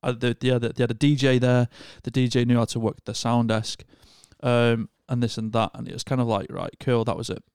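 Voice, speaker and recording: A man's voice: medium pitch, fairly even intonation, fairly quick, hardly any pauses, darkish tone, clear, resonant tone, no echo, studio quality. A man, co-hosting a podcast and telling a long story in casual chat, with lots of restarts. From Northern England. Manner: rambling storyteller with many restarts. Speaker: podcast co-host.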